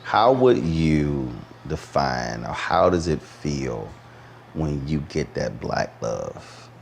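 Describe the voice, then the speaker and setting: A male interview host with a very low, gravelly voice. He tells his stories with lots of movement in his pitch and plays each person he quotes. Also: takes it slowly, a little hiss or hum. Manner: animated storyteller, acts out quotes. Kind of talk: conversational interview.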